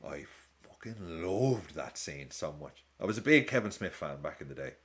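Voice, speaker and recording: A man's voice: extremely low pitch, sing-song, normal speed, fairly bright tone. A man in his thirties chatting casually during a live football watch-along, reacting to the match and swearing freely as he jumps between topics.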